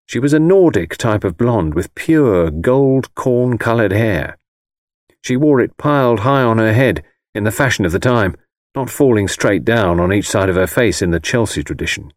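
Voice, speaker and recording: A man with a low voice narrates a first-person novel, his pitch rising and falling in a lively, expressive way. His delivery is measured and wryly conversational, recorded close and dry with no room sound. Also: no room sound. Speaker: audiobook narrator.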